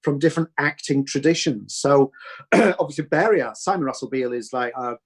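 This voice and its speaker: A man's voice: mid-range voice, moderate pace, husky. A man, a film director, talking through his process in a thoughtful, rambling way with many restarts. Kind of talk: reflective Q&A chat.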